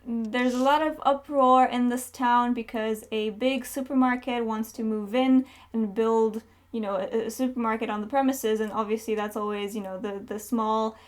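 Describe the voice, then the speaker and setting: A young woman chatting casually through book reviews, candid and chatty, with lots of fillers. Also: fairly high pitch.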